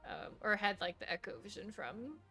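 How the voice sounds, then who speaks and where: A woman streaming a game, chatting in an excitable, giggly and self-mocking way. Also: mid-range voice, normal speed, faint music behind. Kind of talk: live gameplay commentary.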